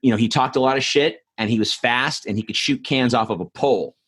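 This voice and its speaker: A man's voice: medium pitch, fairly quick, fairly bright tone, slightly rough. A man hosting a podcast, chatting casually and telling stories in a rambling way with many fillers and restarts. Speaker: podcast host, answering questions. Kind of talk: casual chat, storytelling.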